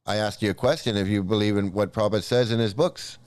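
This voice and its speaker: A man's voice: on the low side, fairly even intonation, fast, a little mellow, dry recording. Profane, heated man ranting, dry sound. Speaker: YouTube commentator. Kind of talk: angry ranting commentary.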